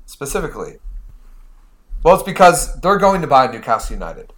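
A man's voice: fairly high pitch, very animated, normal speed, fairly bright tone. An American man co-hosting a podcast in casual chat, rambling and saying "like" a lot. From United States. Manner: rambling, says "like" often. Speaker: podcast co-host.

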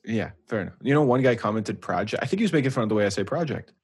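A man co-hosting a casual podcast, teasing his co-host in playful, excitable banter. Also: fairly low pitch, very fast, breathy edge.

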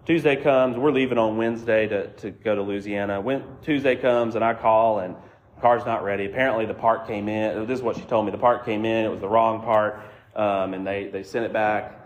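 A man's voice: fairly low pitch, steady tone, brisk, lo-fi sound, a little hiss or hum. A man preaching a sermon as a conversational, self-deprecating story. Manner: conversational, self-deprecating, acts out quoted voices. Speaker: pastor.

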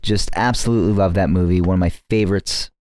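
Low voiced podcast guy chatting about movies, relaxed, jokey, dry close mic. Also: fast, no room sound. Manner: laid-back, self-deprecating, laughs easily. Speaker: podcast co-host. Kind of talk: casual film review chat.

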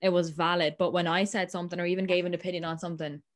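A woman's voice: lowish voice, flat delivery, very fast. A young woman with an Irish accent, chatting casually and acting out quoted exchanges as she tells a story. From Ireland. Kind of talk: casual chat.

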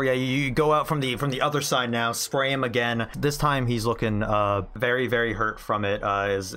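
A man's voice: on the low side, pushed and bright, a little hiss or hum. A man narrating as game master of a tabletop game, casual and loose, with many fillers. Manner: casual, laid-back, many fillers and restarts.

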